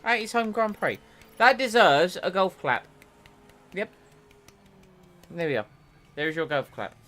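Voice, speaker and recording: A man with a high voice, talking a little slowly, casually commentates on his own racing game stream. He's jokey and rambling, then gets excitable once the race starts.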